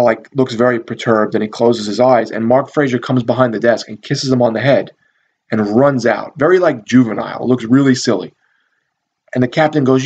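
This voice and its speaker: A man's voice: mid-range voice, darkish tone, slightly rough, highs cut off. A man casually reviewing a cult movie, rambling and swearing with lots of fillers and amused asides. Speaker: video reviewer.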